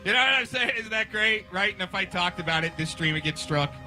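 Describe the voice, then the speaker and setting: A man's voice: sits high, lively intonation, a little fast, pushed and bright, soft background music, low-quality recording. A man hosting a live stream, rambling and conspiratorial as he talks over a replayed clip. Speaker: stream host. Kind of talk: casual commentary on a restreamed clip.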